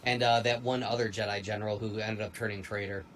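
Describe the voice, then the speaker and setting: A man co-hosting a casual fan review chat, rambling and animated with quick asides. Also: on the low side, a little hiss or hum, rough recording. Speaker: podcast co-host.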